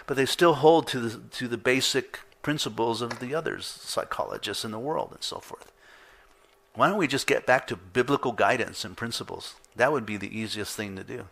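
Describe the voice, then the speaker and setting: A pastor preaching a conversational sermon, asking rhetorical questions and repeating points for emphasis. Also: male voice, mid-range voice, normal speed, vocal fry, fairly bright tone.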